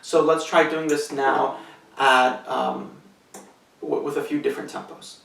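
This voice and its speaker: A man's voice: a little high, flat delivery, a little slow, vocal fry, a bit bright. A man giving a cello lesson, explaining rhythm step by step in a patient, methodical way with some fillers. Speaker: cello teacher. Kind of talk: instructional tutorial. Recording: echoey room, mic at a distance.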